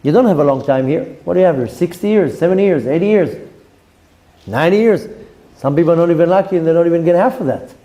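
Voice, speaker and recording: Earnest rabbi with a mellow, raised voice. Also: male voice, fairly high pitch, expressive, fast talker, poor audio. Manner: earnest, repetitive emphasis with Hebrew terms. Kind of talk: Torah lecture.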